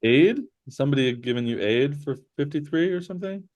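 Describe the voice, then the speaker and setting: A man running an online tabletop game as game master, relaxed and halting, with many fillers. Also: fairly high pitch.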